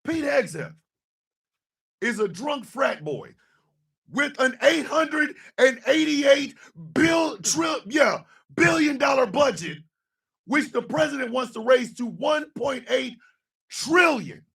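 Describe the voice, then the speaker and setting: A man hosting a radio show, ranting angrily and sarcastically about politics, swearing and often shouting. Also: very high voice, expressive, takes it slowly, vocal fry, far from the mic. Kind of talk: angry political rant.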